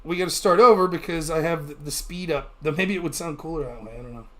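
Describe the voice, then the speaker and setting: A man hosting a livestream, ranting about politics in a casual, profane and animated way. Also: a little high, quick pace, soft background music. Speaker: livestream host.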